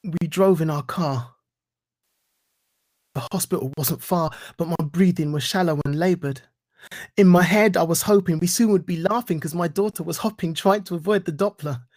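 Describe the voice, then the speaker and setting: A man giving a reflective talk and reciting spoken-word poetry in an earnest, rhythmic way with deliberate pauses. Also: a little high, darkish tone. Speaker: guest speaker.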